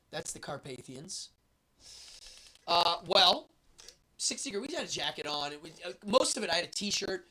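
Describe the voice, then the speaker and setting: A man's voice: fairly high pitch, pushed and bright. A man hosting a show, telling a travel story in a casual, rambling way with many fillers.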